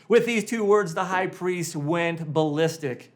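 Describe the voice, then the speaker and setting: Dramatic pastor preaching with loud-hushed swings. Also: male voice, on the high side, a little slow. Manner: dramatic retelling with sharp shifts between loud and hushed. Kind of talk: sermon.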